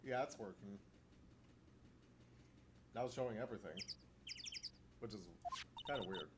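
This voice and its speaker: A man's voice: on the low side, unhurried, slight background noise. A man streaming a game, chatting casually, muttering reactions and reading text aloud. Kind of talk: casual game let's play.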